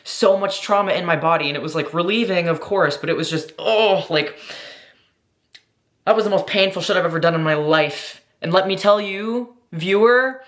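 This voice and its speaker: A young woman talking casually to her vlog camera, rambling and excitable, swearing a lot and telling things dramatically. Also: on the low side, moderate pace, echoey room. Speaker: vlogger.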